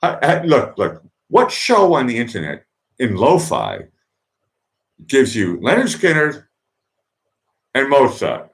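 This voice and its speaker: A Boston man in his 50s hosts a late-night online music request show, rambling and chatty with many restarts and asides in this casual livestream. His medium-pitched voice swoops wildly in pitch as he takes things slowly, leaving long pauses.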